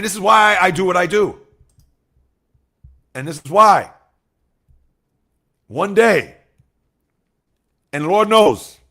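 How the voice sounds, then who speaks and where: Animated sports streamer, gravelly voice. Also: male voice, a little high. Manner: animated, swings from loud outbursts to quiet asides; talks straight to chat, reads out viewer comments. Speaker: sports livestream host. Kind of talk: casual livestream chat with viewers.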